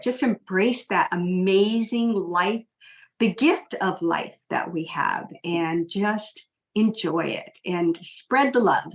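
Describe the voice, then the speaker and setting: A woman's voice: lowish voice, low-quality recording. A woman in her sixties, a podcast guest talking earnestly in casual conversation, with many ums and restarts. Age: 60s.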